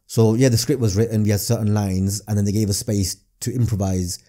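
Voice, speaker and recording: A man, a guest comedian telling stories in a casual podcast chat, his pitch jumping up on emphasis. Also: fairly even intonation, a little fast, dark tone. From northern England.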